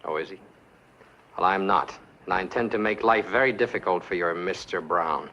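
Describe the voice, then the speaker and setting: Deep cold cop making threats, dull 50s movie sound. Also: male voice, moderate pace, pushed and bright, a little hiss or hum. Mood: threatening. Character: grim stubborn male police lieutenant. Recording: dull 1950s film soundtrack.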